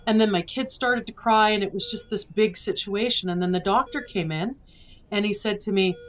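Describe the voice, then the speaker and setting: A woman's voice: medium pitch, moderate pace, low-quality recording. A woman in her forties, a podcast guest earnestly recounting a personal story and acting out the dialogue. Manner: earnest, emotional retelling with quoted dialogue.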